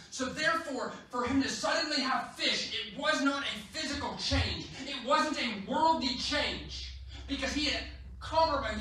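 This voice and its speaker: Casting an emphatic, playful male preacher with a high voice, heard from off-mic in a booming sanctuary. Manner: animated storytelling, playful and emphatic. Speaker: guest preacher. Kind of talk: sermon. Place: church. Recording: echoey church hall, distant mic.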